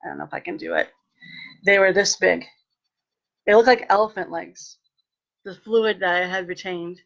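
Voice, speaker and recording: A woman telling a personal story in a lively way, acting out what people said and turning earnest when she speaks of faith. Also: lowish voice, normal speed, gravelly, highs cut off. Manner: animated, acts out quoted dialogue. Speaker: vlogger sharing a personal testimony.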